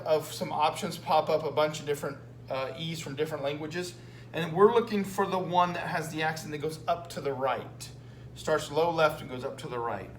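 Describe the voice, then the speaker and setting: A man teaching Spanish, walking his students through a written exam with patient, repetitive explanations and frequent "okay?" check-ins. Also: fairly high pitch. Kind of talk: recorded lesson going over a written exam. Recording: echoey room with faint hum.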